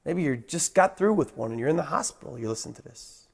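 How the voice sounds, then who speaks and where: A man preaching a sermon as pastor, swinging from raised, emphatic lines to hushed ones and repeating phrases for emphasis. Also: fairly high pitch, expressive, fast talker, creaky.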